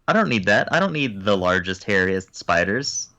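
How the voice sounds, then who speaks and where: A man's voice: on the low side, normal speed, dry recording, dull audio. A man co-hosting a podcast, casually discussing a movie and mimicking its lines. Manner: lively, mimics movie lines, deadpan asides. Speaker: podcast co-host. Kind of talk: casual movie review chat.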